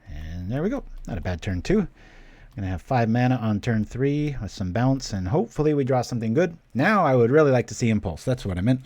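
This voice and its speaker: A man's voice: medium pitch, big pitch swings, fairly quick, darkish tone. A man hosting a card-game stream, giving casual live commentary as he plays and thinking aloud in a playful, chatty way.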